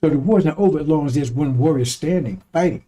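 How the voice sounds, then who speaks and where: An online commentator with a fairly high, dark-toned voice talks fast through a blunt, profane, preaching-style monologue. He repeats lines for emphasis and chuckles between remarks.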